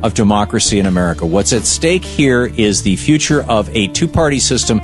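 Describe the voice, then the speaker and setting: A man's voice: lowish voice, expressive, brisk, music in the background. A man hosting a talk show who delivers political commentary in an emphatic, storytelling way. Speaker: radio talk show host.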